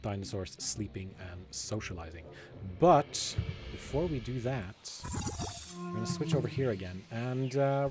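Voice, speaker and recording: A man's voice: medium pitch, expressive, a little slow, over music. A man hosting a game live stream, chatting casually and talking to the viewers in chat. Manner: chatty, rambling, addresses the chat directly.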